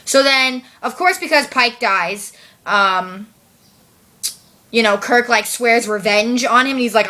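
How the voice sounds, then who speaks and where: A woman's voice: a little high, takes it slowly, bright, forceful tone. A woman recapping a movie in a casual, slangy vlog, full of "like" and swearing. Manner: chatty, slangy, heavy use of "like", swears. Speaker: vlogger.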